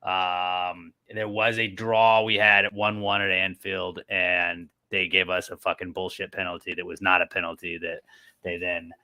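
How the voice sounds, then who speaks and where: A man's voice: low voice, flat delivery, normal speed, bright, forceful tone, no echo. A man co-hosting a casual sports podcast, rambling with frequent restarts and casual swearing. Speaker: podcast co-host.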